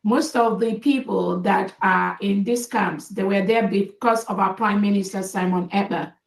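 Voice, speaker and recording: A woman giving a formal, measured public speech, heard in a played clip. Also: mid-range voice, fairly even intonation, gravelly. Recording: distant, roomy clip audio.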